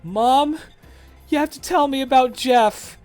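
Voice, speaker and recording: Man putting on a squeaky, frantic little kid, near tears, loud. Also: slow pace, soft background music. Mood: tearful pleading. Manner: pleading, frantic, high and loud. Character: tearful, whiny little boy, frantic.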